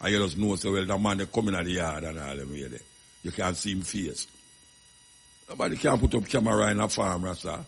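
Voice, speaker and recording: A Jamaican man speaks on a radio talk show in a gravelly, husky voice. He rambles through stories in patois, leaning on emphatic asides, and a long reverb trails his words. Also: low-pitched, a little fast.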